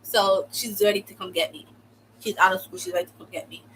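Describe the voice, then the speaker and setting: Young adult woman, US-born vlogger, casual storytime rant, sarcastic and dramatic, full of "like", crisp bright tone. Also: medium pitch, steady tone, fast talker, slight background noise, poor audio. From United States. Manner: exaggerated, sarcastic, fills speech with "like". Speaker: vlogger telling a personal story.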